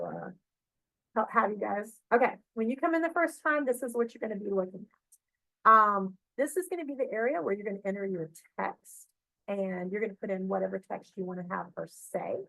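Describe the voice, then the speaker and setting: A middle-aged woman librarian walks through software on a shared screen, chatty and full of fillers and check-ins. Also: medium pitch, creaky, dry recording, poor audio. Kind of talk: screen-share tutorial walkthrough.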